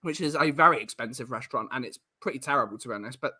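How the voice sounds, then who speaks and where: Man, bright voice, casual podcast host, quick storyteller. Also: mid-range voice, breathy edge. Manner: fast, joking storyteller with restarts. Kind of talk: casual chat, reading out comments.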